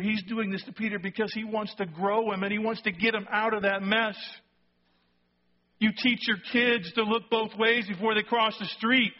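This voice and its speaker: A man preaching a sermon, telling a story with lively acted-out quotes and sudden drops to a hushed voice for emphasis. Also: high-pitched, highs cut off. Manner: animated storytelling, acting out quotes, dropping to a hush for emphasis. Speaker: pastor.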